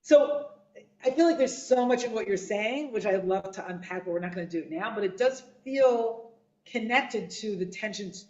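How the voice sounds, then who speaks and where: A woman leading a text study discussion, lively and affirming as she moderates speakers. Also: medium pitch, normal speed. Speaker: discussion leader. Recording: echoey, dull room sound.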